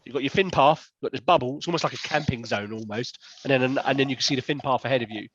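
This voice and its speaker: A man's voice: mid-range voice, quick pace, a bit bright, muffled recording, a little hiss or hum. A man narrating a tabletop game as game master, often rambling and correcting himself. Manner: rambling, self-correcting description.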